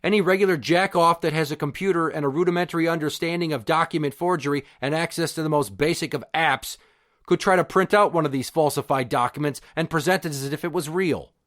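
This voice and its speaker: A man with a voice pitched a little above the usual for a man hosts a podcast rant. His telling is crude and sarcastic, and the exasperation runs through every line. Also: fairly bright tone. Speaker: podcast host. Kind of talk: profane storytelling rant.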